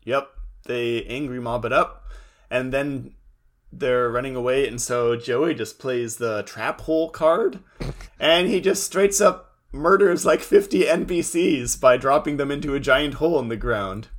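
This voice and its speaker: A wry podcast co-host from the Pacific Northwest. His voice sits in a middle pitch, and he chats casually, laughing often and quoting lines from the episode. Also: unhurried. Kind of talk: casual recap chat.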